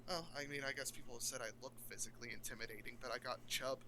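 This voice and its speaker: A man's voice: mid-range voice, fairly even intonation, rapid-fire, sharp tone, no room sound, low-quality recording. Blunt, profane man chatting. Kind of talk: casual chat.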